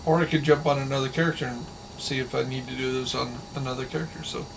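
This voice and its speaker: A man's voice: mid-range voice, fairly even intonation, quick pace, vocal fry. A man streaming a game, chatting casually and telling folksy stories with a drawl. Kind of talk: casual chat while gaming. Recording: distant mic with faint background noise.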